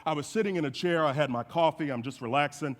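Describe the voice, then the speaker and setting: A man's voice: fairly high pitch, fast. Man preaching in an echoey hall. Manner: animated storytelling with folksy asides. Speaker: guest speaker. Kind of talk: sermon. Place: church sanctuary.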